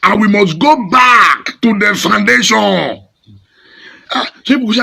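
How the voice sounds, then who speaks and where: A Nigerian pastor delivering a fiery, scolding sermon in Pidgin-laced English. His voice is high, bright and gravelly, with wild pitch swings, and it has a raspy, husky edge. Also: expressive, measured pace.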